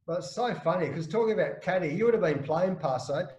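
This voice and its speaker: Middle-aged Australian man, high voice, lively storyteller; muffled echoey remote audio. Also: quick pace. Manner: animated anecdotes with frequent restarts and laughs. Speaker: interview guest, former professional cricketer. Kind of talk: casual storytelling interview.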